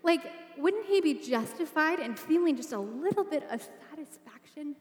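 A woman's voice: high voice, expressive, moderate pace, a little mellow. A woman giving a sermon, telling a story in a conversational way and asking the listeners rhetorical questions. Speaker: preacher. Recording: echoey hall.

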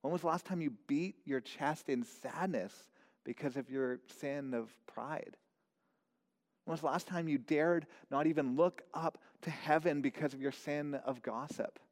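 A man's voice: a little high, unhurried. Earnest male preacher in a reverberant hall. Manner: earnest, repeats words, asks searching questions. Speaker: pastor. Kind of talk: sermon.

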